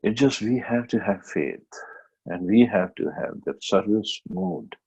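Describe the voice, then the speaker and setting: A man giving a devotional scripture class, telling a story plainly with many pauses and restarts. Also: lowish voice, expressive, vocal fry, darkish tone, breathy edge, muffled recording.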